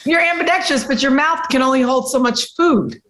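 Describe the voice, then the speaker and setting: A woman's voice: sits high, a little fast, fairly bright tone, echoey room. A woman co-hosting a casual chat, teasing her co-host playfully.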